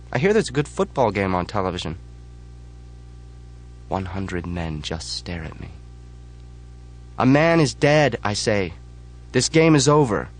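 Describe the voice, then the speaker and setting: Male narrator, low-pitched, measured, flat, first-person audiobook.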